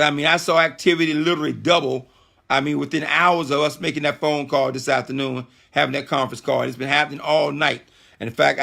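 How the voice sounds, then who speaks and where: Emphatic man pitching on a conference call. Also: vocal fry, bright, forceful tone. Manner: emphatic, repetitive, preacher-like.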